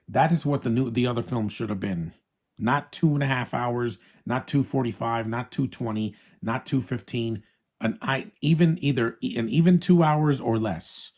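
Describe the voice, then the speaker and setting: Male movie reviewer, medium pitch, casual and opinionated, addresses the audience directly. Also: darkish tone. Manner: chatty, opinionated, frequent restarts, addresses viewers as guys.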